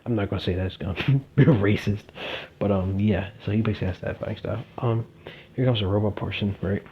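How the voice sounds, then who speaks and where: A man's voice: lowish voice, quick pace, breathy edge. A young man telling a fan-fiction story casually, rambling with lots of fillers, in a dull lo-fi recording.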